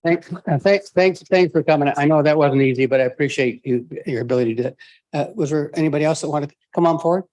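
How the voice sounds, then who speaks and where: A man's voice: a little high, quick pace, darkish tone. A man chairing a public planning meeting, friendly and informal as he invites speakers forward. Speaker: meeting moderator.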